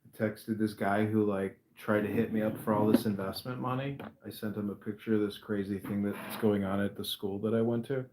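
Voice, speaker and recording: A man chatting casually on a podcast, animated and swearing freely. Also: lowish voice, brisk, hardly any pauses, reverberant, noisy background.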